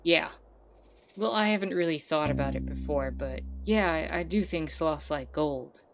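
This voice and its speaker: A woman voicing an easygoing, gold-loving sloth who talks in a relaxed, hesitant way. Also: deep voice, normal speed. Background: guitar music.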